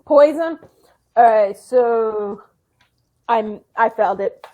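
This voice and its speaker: A woman's voice: a little high, slow, narrow, tinny audio, slight background noise. A woman playing in a tabletop game, chatting awkwardly and giggling. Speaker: player. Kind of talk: casual tabletop play.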